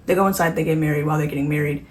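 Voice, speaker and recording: A woman's voice: deep voice, steady tone, racing, a little mellow, a little hiss or hum. A woman casually recapping a horror movie while doing her makeup, rambling, correcting herself and tossing in sarcastic asides. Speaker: beauty vlogger.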